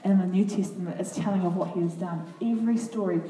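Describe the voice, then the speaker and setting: A woman reading a children's Bible story aloud to a group, with earnest, expressive comments between passages. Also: lowish voice, fast talker. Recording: echoey room, far from the mic, faint noise.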